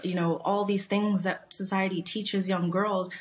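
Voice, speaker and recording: A woman's voice: mid-range voice, flat delivery, unhurried. A woman in her thirties, a guest author, speaking earnestly and from the heart in a talk show interview over a video call.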